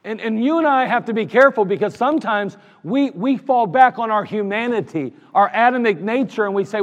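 High-voiced preacher in an echoing church. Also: male voice, lively intonation, fairly quick, few pauses. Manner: earnest, emphatic, repeats phrases for stress. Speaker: pastor. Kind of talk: sermon. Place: church sanctuary. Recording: reverberant church sanctuary.

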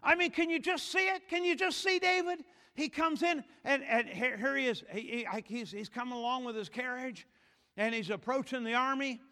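A man preaching a sermon in a church, swinging from quiet asides to shouted excitement and acting out Bible figures in voices. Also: very high-pitched, normal speed, long reverb tail. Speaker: pastor.

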